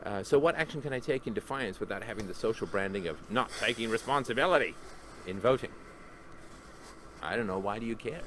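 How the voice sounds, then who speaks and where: A man's voice: lowish voice, expressive, fairly quick, a bit bright, a little hiss or hum. A man hosting a Q&A podcast, talking in a sardonic, joking, digressive monologue. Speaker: podcast host answering listener questions.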